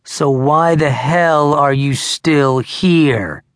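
A bullying, impatient teenage boy who barks his taunts, as a male audiobook narrator voices him. The voice is husky and slightly breathy. It sits close and dry, with no room around it. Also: fairly low pitch, lively intonation, slow, dry recording, full character voice. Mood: taunting. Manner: taunting, barking. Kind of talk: audiobook character voice.

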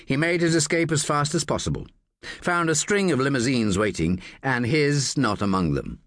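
A man narrating a thriller audiobook in a measured, expressive storytelling manner on a close studio mic. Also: mid-range voice, no echo.

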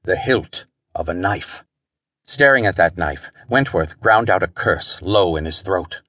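A man's voice: low-pitched, unhurried, sharp tone, breathy edge, no echo. A man narrating a pulp thriller audiobook in a dramatic storytelling style.

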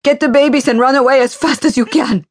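A woman's voice: lowish voice, steady tone, darkish tone, slightly rough, no room sound, studio quality, exaggerated voice. A woman voicing a terrified young mother who screams warnings and prays in a hurry while fleeing. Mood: screaming. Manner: desperate screams and hurried prayer.

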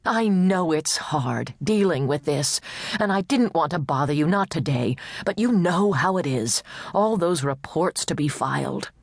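A woman voicing a composed, grieving wife who speaks quietly and politely. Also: sits low, animated, unhurried, creaky, dry recording, clean studio sound, heavily acted.

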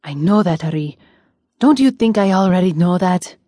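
A woman doing a low, stern young prince weighed down by guilt, warm dark tone, audiobook. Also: animated, normal speed, no room sound, clean studio sound. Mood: brooding. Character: brooding young male prince, guilt-ridden.

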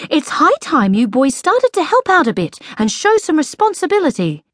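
A grown-up mother koala speaks with firm, motherly authority, as a woman narrator plays her. Her pitch moves about lively while she takes her time. The sound is dry. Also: unhurried, dry recording. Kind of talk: audiobook character voice.

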